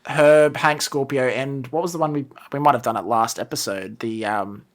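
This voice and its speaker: A man co-hosting a casual podcast chat. He chimes in with relaxed, agreeable remarks. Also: mid-range voice, moderate pace, a loud crowd. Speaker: podcast co-host.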